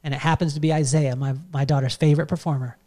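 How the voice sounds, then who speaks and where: A middle-aged man recounts a personal story in a loose, animated podcast style. His voice sits a touch higher than most men's, and he rambles on with plenty of fillers and false starts. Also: fast talker. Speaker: podcast host telling a story. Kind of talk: casual storytelling.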